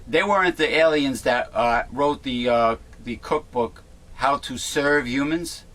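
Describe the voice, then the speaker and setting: Indignant, rambling talk radio host. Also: male voice, medium pitch, lively intonation, a little slow, a bit bright. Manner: rambling, indignant, with many fillers. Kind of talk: casual political talk radio chat.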